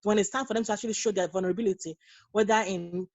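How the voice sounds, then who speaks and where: A woman's voice: medium pitch, fairly even intonation, rapid-fire, no room sound, poor audio. A woman in her thirties, a guest on a podcast, talking earnestly and telling stories in a casual interview. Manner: earnest, storytelling, acts out quoted dialogue. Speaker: guest, nurse and mother.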